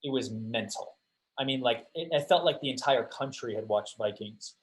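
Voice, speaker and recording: A young man, a guest actor, chatting casually on a podcast, telling animated stories, swearing freely and laughing often. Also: medium pitch, normal speed, rough recording.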